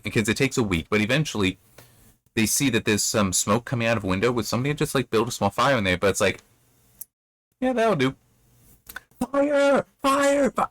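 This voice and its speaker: A man's voice: fairly low pitch, a bit bright, no room sound. A man hosting a casual spoken review of a book chapter, retelling the plot in a rambling way and throwing in playful mock voices. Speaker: book reviewer, channel host.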